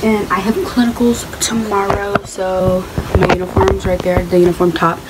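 A woman's voice: mid-range voice, level tone, moderate pace, background noise. A young adult woman chatting casually to her vlog camera at home and in her car, rambling with lots of fillers like "um" and "like". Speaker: vlogger. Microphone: handheld phone.

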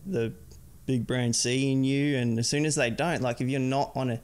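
A man's voice: medium pitch, fairly even intonation, normal speed, a little mellow, slight background noise. A young adult man chatting casually as a podcast guest, rambling and filling his sentences with "like". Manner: rambling, heavy use of "like". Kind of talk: casual chat.

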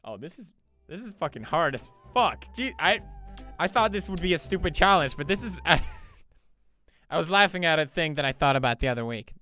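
A young man hosting a reaction video, mock-serious and profane, with sudden exaggerated shouts. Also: a little high, big pitch swings, fairly quick. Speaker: video host. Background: music.

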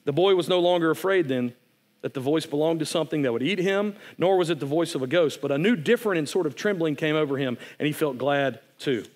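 A man's voice: a little high, fast talker. A man preaching a sermon, retelling a story in an earnest, conversational way. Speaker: pastor.

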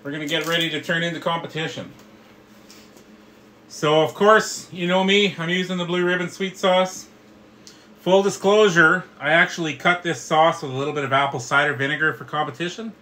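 Middle-aged man, bright, slightly higher voice, friendly how-to host, faint ambience behind. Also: steady tone, moderate pace, a little hiss or hum, rough recording. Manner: friendly, explanatory, addresses viewers as guys. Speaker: barbecue instructor and host. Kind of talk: live cooking tutorial.

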